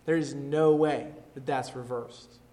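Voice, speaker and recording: A man preaching a sermon, reading scripture aloud and repeating key phrases emphatically, often rising and falling in pitch and volume. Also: fairly even intonation, a little slow, warm tone.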